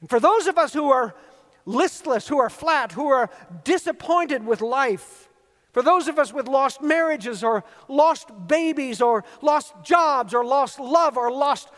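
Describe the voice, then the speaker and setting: A man's voice: very high-pitched, a bit bright. A male pastor preaching an earnest sermon, telling stories and building emphatic repeated phrases. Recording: long reverb of a large hall.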